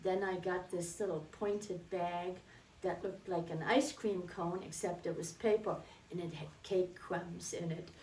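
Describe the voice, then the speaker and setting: A woman's voice: on the low side, fairly even intonation, measured pace, darkish tone, slight background noise. A woman telling a fond childhood story in a chatty, reminiscing way, recorded in a roomy space from a distance. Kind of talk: personal storytelling.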